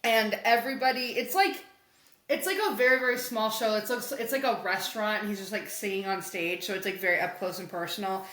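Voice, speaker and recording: A woman's voice: mid-range voice, brisk. A woman co-hosting a podcast, casually and animatedly recapping a comic and acting out the characters' lines. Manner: animated storytelling, acts out characters' lines, laughs often. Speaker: podcast co-host. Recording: echoey room.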